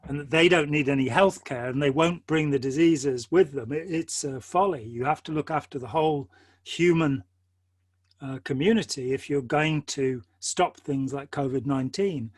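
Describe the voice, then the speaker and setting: Earnest older English man, higher voice. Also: normal speed, dry recording. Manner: earnest, discursive, strings together quotes and asides. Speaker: host. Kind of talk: conversational discussion.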